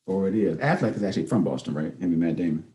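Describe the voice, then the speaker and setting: A man with a very low, dark and mellow voice co-hosts a casual podcast. He talks in a laid-back, measured way, leaning on drawn-out fillers. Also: lively intonation. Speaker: podcast co-host. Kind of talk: casual chat.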